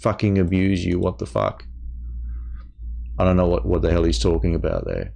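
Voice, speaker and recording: A man's voice: sits low, big pitch swings, moderate pace, gravelly, long pauses, a little mellow. A young man hosting a gaming channel, delivering an angry personal rant full of swearing, stammered restarts and repeated words.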